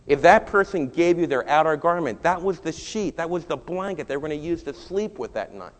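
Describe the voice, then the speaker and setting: Animated preacher man, reverberant hall. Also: on the high side. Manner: storytelling preacher, rising to animated peaks. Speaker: pastor. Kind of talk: sermon.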